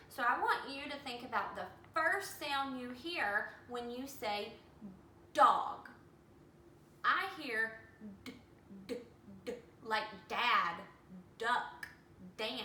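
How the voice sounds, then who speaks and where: Woman, teacher, high voice, slow, sounds out letters, echoey room, distant mic. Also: bright, forceful tone, a little hiss or hum. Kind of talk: early reading lesson for young children.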